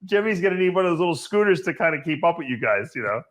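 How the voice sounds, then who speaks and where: A man's voice: on the high side, very animated, very fast. A man hosting a show in casual chat with a guest, joking and laughing often. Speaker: show host.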